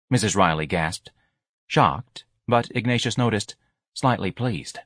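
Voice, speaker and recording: A man narrating an audiobook in a wry, measured storytelling manner. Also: low voice, fairly bright tone, dry recording.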